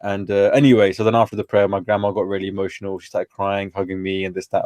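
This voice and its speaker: A man's voice: low-pitched, flat delivery, fast talker, darkish tone, no room sound. A man, a guest telling stories in a casual, slangy way full of fillers. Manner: chatty, informal, peppered with slang and fillers. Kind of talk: casual storytelling conversation.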